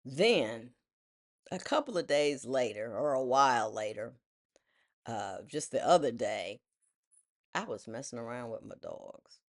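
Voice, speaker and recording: A woman in her sixties tells a personal story in a lively, self-mocking way, briefly putting on the voices of the people she quotes. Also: extremely low pitch, a little slow, pauses often. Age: 60s. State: widowed. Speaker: vlogger.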